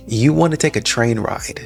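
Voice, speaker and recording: A man's voice: mid-range voice, vocal fry. A man giving a mocking dating commentary and firing off rhetorical questions. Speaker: reaction commentator.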